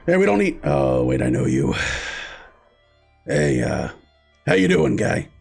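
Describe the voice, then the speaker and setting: Guy doing a gravelly gruff ship boss, deep and pushy, waves everyone off. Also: huge pitch swings, slow pace, a little mellow, soft background music, heavily acted. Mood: wary. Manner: brusque, haggling, dismissive.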